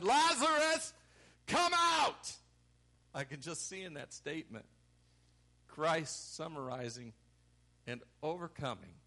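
A man preaching a sermon, acting out the quoted lines with sudden loud, emphatic bursts. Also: mid-range voice. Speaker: pastor.

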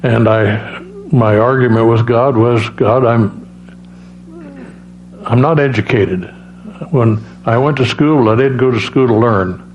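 A man giving a personal testimony as a preacher, halting, with many restarts and fillers. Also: medium pitch. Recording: dull lo-fi sound with faint hum.

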